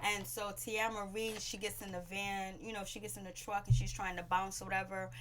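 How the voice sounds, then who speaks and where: A woman at a middling pitch recaps a reality show episode in a loose, chatty way. She rambles through fillers and slips into raised voices to act out the lines people said. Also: little pitch movement, fairly quick, a bit bright, a little hiss or hum. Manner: chatty and rambling, with many "you know, um" fillers. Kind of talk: casual spoken show recap.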